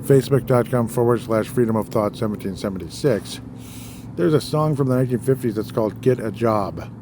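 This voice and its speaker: A man's voice: mid-range voice, a little fast, background noise. A man hosting his own political podcast, talking loosely and rambling, with many fillers and small apologies. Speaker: podcast host. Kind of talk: casual political podcast monologue.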